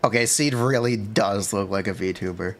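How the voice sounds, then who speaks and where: A man's voice: on the low side, moderate pace. A man streaming live and chatting casually with his viewers, laid-back and reacting to chat.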